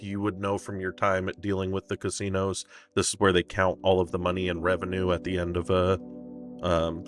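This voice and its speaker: A man narrating as game master in a relaxed, descriptive way, with frequent fillers. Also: low-pitched.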